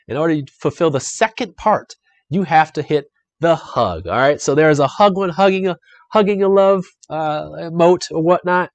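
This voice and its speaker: Here a young man with a slightly high voice plays a solo board game on a live stream, recorded without any room sound. Upbeat and talkative, he speaks to his audience and reads from the adventure text in relaxed playthrough commentary.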